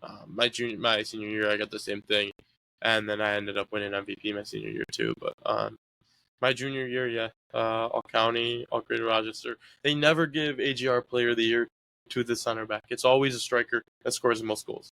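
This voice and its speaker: This is a casual interview in which a young man who played college soccer looks back on his sports years, rambling easily and using many fillers. He speaks briskly in a medium-pitched, bright and forceful voice with vocal fry, and there's no echo.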